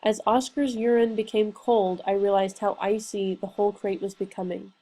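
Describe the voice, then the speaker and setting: A woman reading a novel aloud in a steady, earnest storytelling manner. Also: medium pitch, normal speed, rough recording. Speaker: reader. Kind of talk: audiobook narration.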